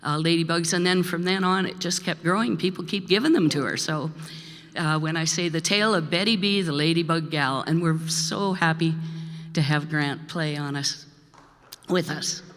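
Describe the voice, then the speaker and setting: Older lady from manitoba rambling about her song onstage, bright voice, long hall echo. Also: fairly low pitch, normal speed. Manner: rambling, warm storytelling with frequent laughs. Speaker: singer-songwriter introducing a song. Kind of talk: chatty onstage song introduction. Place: live performance in a church hall. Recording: reverberant hall with faint music.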